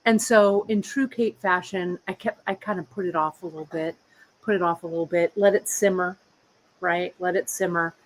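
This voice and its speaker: A woman's voice: on the low side, steady tone, moderate pace, a little hiss or hum, rough recording. A woman in her fifties hosting a live beading show, chatting casually and meandering as she talks to viewers and her cat. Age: 50s. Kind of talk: casual live-stream chat. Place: workshop bench, indoors.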